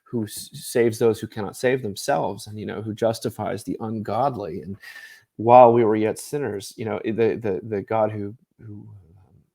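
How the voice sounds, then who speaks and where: A man's voice: lowish voice, fairly even intonation, normal speed, vocal fry, warm tone. A man appearing as an author guest in an interview, explaining ideas thoughtfully at length and laughing lightly in the middle of his thoughts. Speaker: author and ministry director, guest. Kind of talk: conversational interview.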